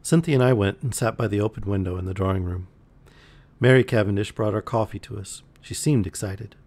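A man reading a novel aloud on a live stream, relaxed, with the odd slip and restart. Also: lowish voice, fairly quick. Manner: relaxed, with occasional slips and restarts. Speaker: audiobook reader on a live stream. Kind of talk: reading a novel aloud, voicing characters lightly.

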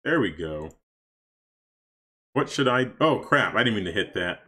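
A man casually commenting on his gameplay for stream viewers, chatty and excitable, talking to his chat. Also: lowish voice, measured pace, slightly rough. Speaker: streamer playing a life-sim game.

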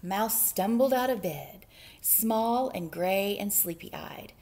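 Librarian lady reading a picture book to kids, slow, playful, a bit gravelly. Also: mid-range voice. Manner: playful, lively narration with asides to children. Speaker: children's librarian. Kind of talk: storytime read-aloud.

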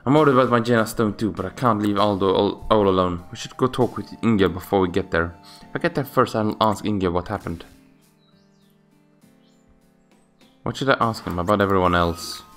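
A man's voice: fairly low pitch, quick pace, few pauses, a bit bright, faint music behind. Man reading as a worried young summoner girl. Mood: anxious. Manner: anxious, talking to herself.

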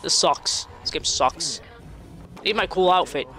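A young woman giving casual, excitable commentary while playing a video game, laughing and shrieking often. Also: low-pitched, measured pace, faint music behind. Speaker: gaming streamer.

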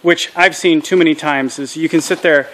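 An earnest man hosts a casual outdoor vlog at a small farm processing setup, speaking candidly and sprinkling in acronyms and military jargon. His voice sits a touch above the usual male range, fairly high with a bit of brightness, fairly even intonation and a moderate pace.

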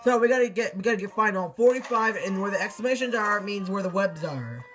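A high-pitched teenage boy talks through a game in loose, casual commentary, tripping over his words and breaking into sudden exclamations. Faint game music plays softly behind him. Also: quick pace, rough recording. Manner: excitable, rambling, frequent restarts and exclamations. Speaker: gameplay commentator.

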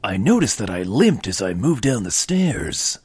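A man voicing a dazed male game protagonist, reading his grim recollections slowly. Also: fairly low pitch, sing-song, a little hiss or hum, voice pushed down. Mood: brooding. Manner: slow brooding read-aloud. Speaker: reading game narration aloud.

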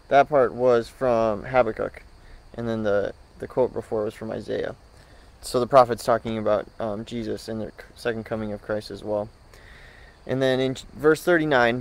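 A man giving a short morning church devotional, hesitant with many pauses and restarts, then reading scripture aloud. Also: mid-range voice, fairly even intonation, gravelly, low-quality recording.

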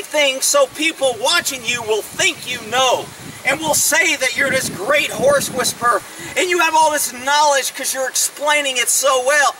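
A man's voice: very high-pitched, moderate pace, bright, forceful tone. A man training his horse on a farm, talking in a blunt, mocking, sarcastic way, recorded outdoors from a distance. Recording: distant outdoor mic, faint noise.

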